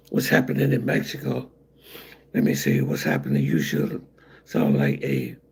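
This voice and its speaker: Raspy, gravelly-voiced man chatting. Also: rumbling low, a little mellow. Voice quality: raspy, breathy, weak voice. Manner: rambling, halting, many fillers. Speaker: livestream host reading chat. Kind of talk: casual livestream chat.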